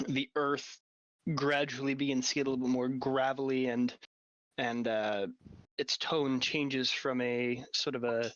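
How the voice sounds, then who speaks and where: A man's voice: mid-range voice, dull audio. A man with a sore throat narrating a tabletop game as dungeon master, talking casually with many fillers. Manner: casual, many fillers and restarts while describing scenes. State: getting over a cold, sore throat.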